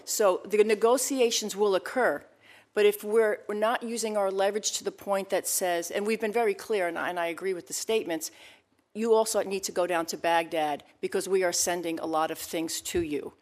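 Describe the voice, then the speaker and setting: A woman's voice: mid-range voice, fairly even intonation, fairly quick, darkish tone. A woman giving testimony at a hearing, speaking earnestly and emphatically, often restarting her sentences. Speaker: expert witness at a hearing.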